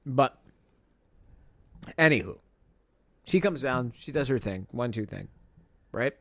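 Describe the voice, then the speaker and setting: A man co-hosting a comedy podcast, retelling a listener story with quick asides and frequent laughter. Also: mid-range voice, lively intonation, fairly bright tone, dry recording. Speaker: podcast co-host.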